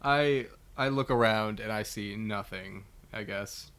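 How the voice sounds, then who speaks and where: Guy rambling through his turn in a tabletop game, bright voice. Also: lowish voice, clear, resonant tone. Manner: rambling, halting, laughs. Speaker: player. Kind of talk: casual tabletop role-play.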